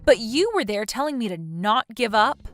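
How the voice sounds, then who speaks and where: Woman as indignant betrayed wife; bright, animated accusing voice. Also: on the high side, moderate pace, faint music behind. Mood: hurt. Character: betrayed wife confronting her cheating friend. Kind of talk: text message story dialogue.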